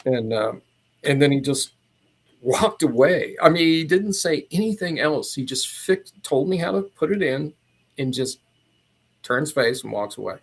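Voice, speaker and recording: A man who is a podcast guest, recounting a personal story in a casual, meandering and animated way. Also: a little high, measured pace.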